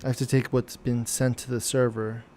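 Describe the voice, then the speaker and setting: A man streaming live as he programs, thinking aloud and questioning himself in halting, muttered phrases. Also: medium pitch, little pitch movement, dark tone, slight background noise.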